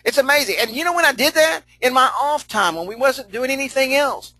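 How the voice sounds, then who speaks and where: A man's voice: extremely high pitch, brisk, bright, forceful tone, no room sound, rough recording. A middle-aged man leading a live online training session, folksy and chatty, laughing often, repeating himself and answering chat comments as he goes.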